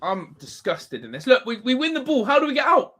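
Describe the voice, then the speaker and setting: A man's voice: very high voice, huge pitch swings, brisk, pushed and bright, slight background noise. A man hosting a live football watch-along, ranting and swearing in exasperation at his team. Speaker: fan channel host.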